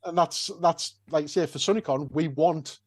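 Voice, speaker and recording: A man's voice: on the high side, moderate pace, no room sound. Rambling man, dry sound. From North East England. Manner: rambling, with many restarts and "like" fillers. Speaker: convention organiser, podcast guest. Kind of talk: casual podcast chat.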